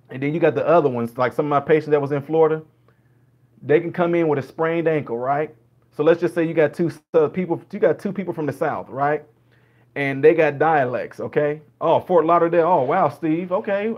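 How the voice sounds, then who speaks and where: A man with a Jamaican accent, chatting casually with livestream viewers and answering them by name, on dull lo-fi stream audio. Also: on the high side. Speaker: livestream host.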